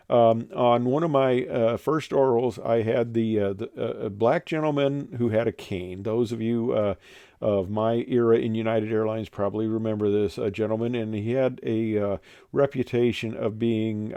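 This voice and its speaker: An older man recounts his airline days in a casual, meandering monologue, with lots of fillers and false starts. His voice is warm and relaxed, recorded dry and close. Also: lowish voice, no room sound. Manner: rambling, many fillers and restarts. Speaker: retired airline pilot telling stories.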